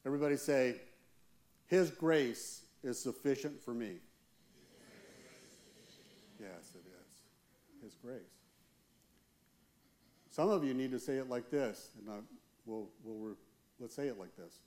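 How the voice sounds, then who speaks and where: A man preaches a sermon as a church elder, earnest and deliberate, leaning on slow emphatic pauses. His voice sits at an ordinary middle pitch. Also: darkish tone.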